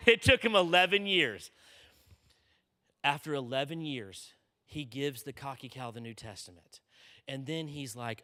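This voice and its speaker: A man's voice: medium pitch, animated, a little slow, pauses often, bright, forceful tone. A man preaching to students, telling a story energetically and often checking in with "okay?". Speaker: conference speaker. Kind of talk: sermon. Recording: long reverb in a large hall.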